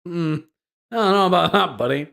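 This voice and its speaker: A man's voice: a little high, animated, a little fast, gravelly, fairly bright tone. A young man hosting a live stream, mocking and swearing as he comments on social media posts, laughing often. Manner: mocking, profane, frequent laughter.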